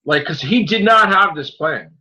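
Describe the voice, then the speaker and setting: A man's voice: fairly high pitch, animated, moderate pace, sharp tone. A man co-hosting a podcast in casual chat, ranting with heated profanity. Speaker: podcast co-host. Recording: dull lo-fi audio.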